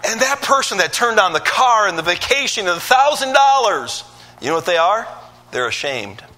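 Male pastor, sermon, bright forceful voice, slightly high, animated storytelling with acted-out asides. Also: brisk, slight background noise. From Michigan.

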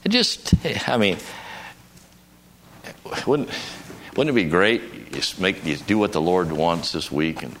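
An older male preacher with a deep, low voice that still cuts through with a bright, forceful edge. He tells a homely story about himself in a folksy way, then rises into emphatic bursts. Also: sing-song, measured pace, long pauses, a little hiss or hum. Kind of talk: conference sermon.

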